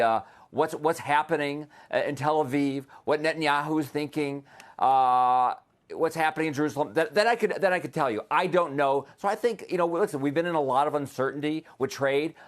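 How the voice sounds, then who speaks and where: A man's voice: a little high, a little fast. An American man, an economic policy analyst, answering questions in a live TV news interview with frequent restarts and fillers. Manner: hesitant, many restarts and fillers.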